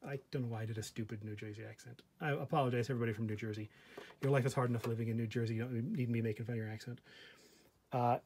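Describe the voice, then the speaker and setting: A man with a mid-range voice talks through a vintage machine in a relaxed hands-on vlog, cracking dry jokes between filler words. A faint hiss and the odd click sit under his voice, and he drifts off-mic now and then. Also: mid-range voice, racing. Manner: wry, joking asides with frequent fillers. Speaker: vintage computer hobbyist host. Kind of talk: casual show-and-tell vlog.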